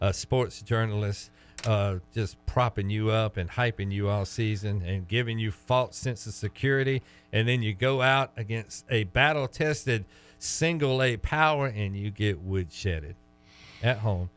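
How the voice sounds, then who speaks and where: A man co-hosting a casual sports talk show, ranting and teasing his co-host with big swings in pitch and volume. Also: a little slow, smooth, faint music behind. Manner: teasing, animated, loud rants.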